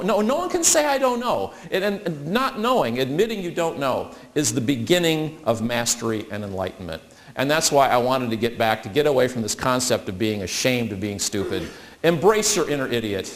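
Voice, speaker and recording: Male speaker, lively storytelling talk, big swings in pitch. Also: moderate pace. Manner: animated storyteller acting out quoted voices.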